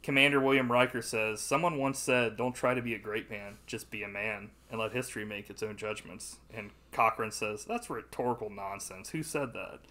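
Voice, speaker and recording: A man co-hosting a casual podcast, chatting about a movie with lots of swearing, laughter and loud quoted voices. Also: fairly low pitch, moderate pace, few pauses. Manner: profane, laughing, bursts into loud impressions. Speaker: podcast co-host.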